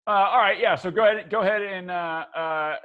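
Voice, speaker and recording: A man with a high voice runs a tabletop game as its game master. He narrates in a rambling way, full of fillers and self-corrections. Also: fairly quick, narrow, tinny audio, a crowd in the background. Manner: rambling, many fillers and restarts.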